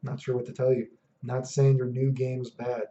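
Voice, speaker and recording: A man's voice: mid-range voice, monotone, normal speed, dark tone. Exasperated man ranting, muffled audio. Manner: profane, exasperated, sarcastic. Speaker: vlogger. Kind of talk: ranting monologue. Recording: dull lo-fi audio.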